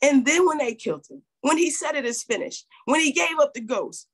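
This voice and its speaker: A woman's voice: high voice, animated, fairly quick, few pauses. A woman pastor preaching a sermon, acting out Bible figures in quoted voices and calling out to her congregation. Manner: preaching with call-and-response.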